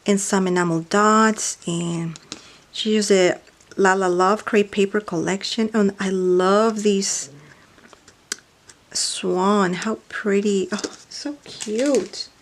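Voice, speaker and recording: A woman chatting casually while unboxing mail, gushing and exclaiming over each item and often dropping to a soft near-whisper, indoors at night. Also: medium pitch, fairly even intonation, takes it slowly. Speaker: craft vlogger unboxing mail.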